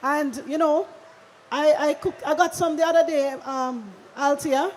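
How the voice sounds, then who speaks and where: A woman's voice: high voice, steady tone, a little slow, a little mellow. A woman with a Jamaican accent promoting a product at a live event, chatty and stumbling over her words. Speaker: company representative. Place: large conference hall. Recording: echoey hall with faint noise.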